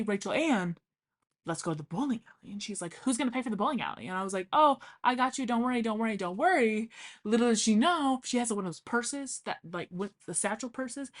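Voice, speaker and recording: A young woman telling funny childhood stories in a chatty, casual way, swearing freely and acting out what people said. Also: medium pitch. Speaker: vlogger. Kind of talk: casual storytelling.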